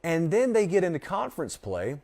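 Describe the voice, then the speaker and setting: A man's voice: fairly high pitch, huge pitch swings, fairly quick, a little mellow. A man hosting a sports talk show, reading viewers' takes and answering them with opinionated, sarcastic asides. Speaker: host.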